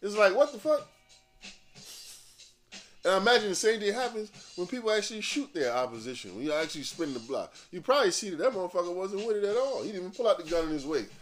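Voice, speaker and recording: A man hosting a podcast, ranting casually in profane, animated street slang. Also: high-pitched, rapid-fire, hardly any pauses, soft background music. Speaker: podcast host. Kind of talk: casual rant.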